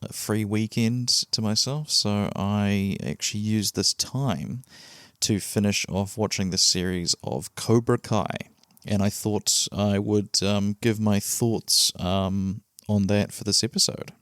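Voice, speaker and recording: A man's voice: fairly low pitch, steady tone, slow, a bit bright, clean tone, no echo, studio quality. A man with a New Zealand accent hosting his own podcast solo, talking casually and rambling a little with fillers. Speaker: podcast host.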